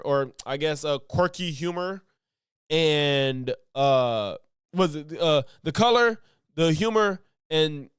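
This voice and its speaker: A man with a fairly high voice gives casual reaction commentary, rambling and correcting himself as he goes. His sound is dry and close, with no room around it. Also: clear, resonant tone, dry recording. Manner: rambling, with restarts and self-corrections, laughs often. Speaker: streamer reacting to videos.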